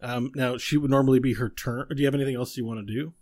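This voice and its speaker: A man narrating as game master of a tabletop game, telling the scene with animated energy and frequent laughter. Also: medium pitch, fast talker. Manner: animated storytelling, laughs often.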